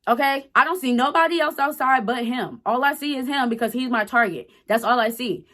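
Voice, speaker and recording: A woman's voice: sits high, a little fast, sharp tone. Woman in her 20s, storytime vlogger, blunt, cussing, emphatic, casual to camera.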